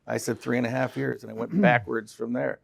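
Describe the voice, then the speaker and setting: Fast-talking man with a gravelly edge. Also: medium pitch, little pitch movement. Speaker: guest, company president. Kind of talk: casual podcast conversation.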